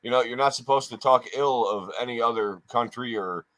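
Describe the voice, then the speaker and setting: A man's voice: mid-range voice, brisk, a bit bright. A man co-hosting a podcast in casual chat, rambling with lots of swearing and restarts. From New York State. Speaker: podcast co-host.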